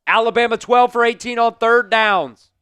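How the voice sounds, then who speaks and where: A hoarse man, hosting a fan livestream of a football game, calling plays, shouting and chanting in excitement. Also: extremely high pitch, normal speed, no echo, faint music behind. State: hoarse, voice worn out. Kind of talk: live fan play-by-play watch-along.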